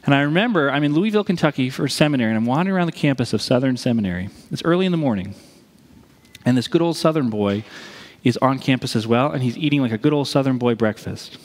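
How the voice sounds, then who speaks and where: A man preaching a sermon as pastor, speaking in a lively, conversational way and acting out quoted lines. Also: mid-range voice, fast. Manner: animated, conversational, acts out quotes. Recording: reverberant hall.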